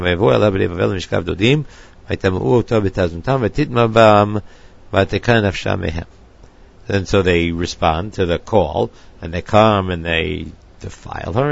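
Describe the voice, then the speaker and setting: A man teaching a text lecture, measured and thinking aloud as he goes. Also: sits low, gravelly, highs cut off. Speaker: Torah teacher.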